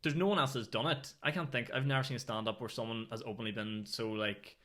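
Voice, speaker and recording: A man's voice: mid-range voice, steady tone, fast, fairly bright tone. A young man hosting a podcast, telling rambling stories full of fillers and swearing. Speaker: podcast host and comedian. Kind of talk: casual podcast chat.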